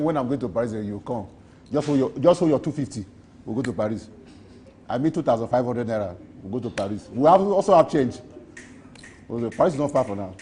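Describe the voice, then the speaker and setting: A man's voice: mid-range voice, mellow, a little hiss or hum. A Nigerian man in a street interview, rambling playfully and boasting, repeating his phrases.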